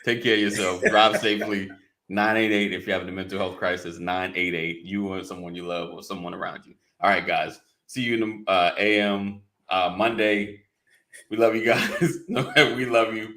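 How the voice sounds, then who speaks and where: Male podcast co-host, lower voice, bright tone, casual upbeat banter. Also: fairly even intonation, moderate pace. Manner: upbeat, laughing sign-off banter. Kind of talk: casual chat.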